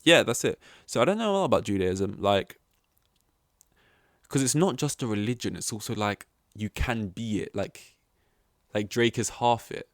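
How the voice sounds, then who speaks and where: A man's voice: fairly low pitch, lively intonation, normal speed, no room sound, studio quality. Young man rambling through a solo podcast. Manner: rambling, full of restarts and tangents. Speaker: podcast host.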